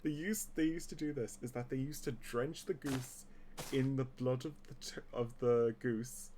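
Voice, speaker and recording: An Irish man streaming a game, talking in a rambling, halting way with many fillers and restarts. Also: medium pitch, fairly even intonation. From Ireland. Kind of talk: casual chat while gaming. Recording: loud background noise.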